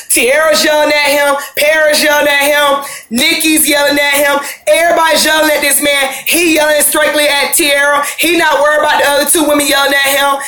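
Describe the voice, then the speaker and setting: A woman's voice: high-pitched, fairly bright tone, roomy sound, poor audio. A woman giving a casual, opinionated recap of a reality show, chatty and slangy, acting out the quotes as she goes.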